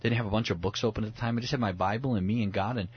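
A man's voice: fairly low pitch, fairly even intonation, rapid-fire, husky, muffled recording. A man speaking as a pastor guest on a radio talk show, earnest and reflective, often restarting his words as he thinks aloud. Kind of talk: radio talk about the Bible.

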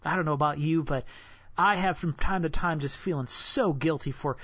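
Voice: mid-range voice, normal speed, slightly rough, no echo. Casual devotional preacher who talks like a friend and drops to a whisper for weight; dry, dull lo-fi sound. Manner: conversational, drops to a hushed whisper for solemn points. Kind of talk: devotional sermon.

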